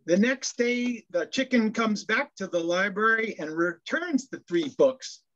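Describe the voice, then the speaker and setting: Male minister preaching slowly, tells jokes with lots of restarts, dull lo-fi recording. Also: high-pitched, animated, a bit bright. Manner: storytelling jokes, hesitant with restarts. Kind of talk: sermon. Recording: dull lo-fi sound.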